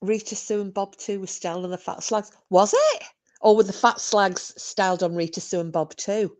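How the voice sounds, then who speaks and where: A woman's voice: medium pitch, steady tone, fairly quick, a little mellow. A woman hosting a podcast, reminiscing in casual chat, giggly and full of fillers. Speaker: podcast host.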